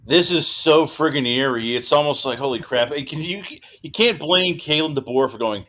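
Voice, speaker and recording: A man guesting on a sports podcast, talking in an animated, exclaiming way and breaking into mocking impressions. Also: medium pitch, moderate pace. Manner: animated, exclaiming, mimics others. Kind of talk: casual sports talk.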